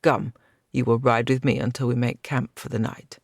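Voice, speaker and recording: A man's voice: medium pitch, little pitch movement, normal speed, creaky, dry recording, clean studio sound. A man playing a stern, formal older knight who scolds his squire.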